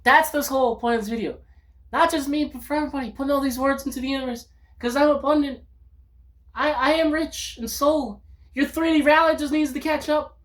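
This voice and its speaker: A woman vlogging in an upbeat, rambling monologue, breaking into loud outbursts when she acts out quotes. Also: high voice, fairly even intonation, a little fast.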